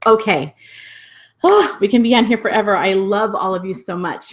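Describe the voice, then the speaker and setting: A woman leading a livestreamed spiritual ritual, gushing and enthusiastic, later slowing into a soft guided meditation. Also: medium pitch. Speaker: spiritual circle leader.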